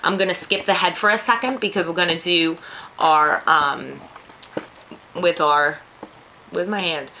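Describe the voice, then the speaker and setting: Chatty New York woman, lowish voice. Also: measured pace, long pauses, bright, forceful tone, slight background noise, low-quality recording. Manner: chatty, self-deprecating asides. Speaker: craft tutorial host. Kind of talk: casual step-by-step tutorial.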